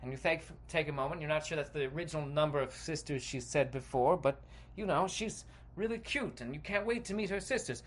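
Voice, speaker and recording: A man's voice: a little high, brisk. A man hosting a podcast, narrating a comedic guided visualization in a playful, dramatic way with sound effects. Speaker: podcast host.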